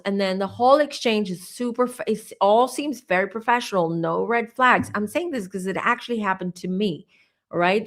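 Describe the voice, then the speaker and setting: A woman in her forties tells a story to her viewers in a casual, animated way. She talks straight to her audience as a psychic channel host, breaking off for asides. Her voice sits at an ordinary middle pitch.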